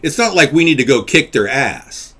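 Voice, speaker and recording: A man's voice: mid-range voice, moderate pace, breathy edge. Rambly guy on a live stream, medium voice, gets worked up arguing. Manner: rambling, argumentative, excitable. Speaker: candidate hosting a live chat show. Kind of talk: casual live-stream talk.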